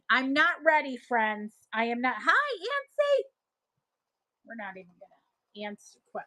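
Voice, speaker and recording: A middle-aged woman with a Buffalo accent chats through viewer comments on her live stream. Her voice sits a little high, and she rambles and restarts as she goes. The sound is close and dry, with no room echo. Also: pushed and bright. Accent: Buffalo, New York. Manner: chatty, reads viewer comments aloud and answers them; rambling, often trails off and restarts. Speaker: livestream seller host.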